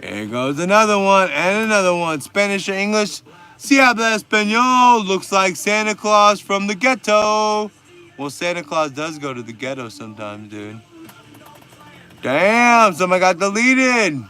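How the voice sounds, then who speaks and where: A man's voice: sits high, expressive, a little slow, bright, forceful tone, clear, resonant tone, soft background music. A man, hosting a casual livestream and bantering with viewer comments in laid-back, profane slang. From Texas. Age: 40s. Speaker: livestream host.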